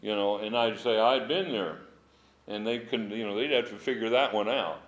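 A middle-aged man leads an informal Bible study from his home, his somewhat low voice sounding a little strained. He teaches in an emphatic, animated way. He drops chuckling asides between points. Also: fairly quick, lo-fi sound. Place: at home with dogs.

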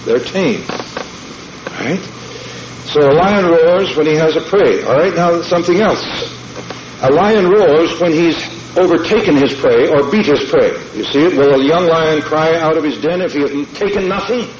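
A man's voice: on the high side, lively intonation, measured pace, slight background noise. A man preaching a sermon in a folksy, emphatic way, often checking in with the congregation. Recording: dull lo-fi sermon tape in an echoey hall.

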